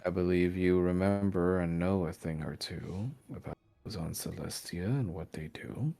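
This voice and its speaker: A man voicing an ancient male vampire lord, speaking slowly in grave, formal sentences. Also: low-pitched, creaky, warm tone. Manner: slow, grave, formal speech.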